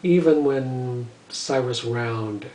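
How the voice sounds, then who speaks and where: A man's voice: mid-range voice, slow, a little mellow, a little hiss or hum. Older man rambling through a story, roomy. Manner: rambling, lots of "you know" and "uh". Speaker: musician telling stories. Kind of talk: casual storytelling monologue. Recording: roomy echo, voice from a distance.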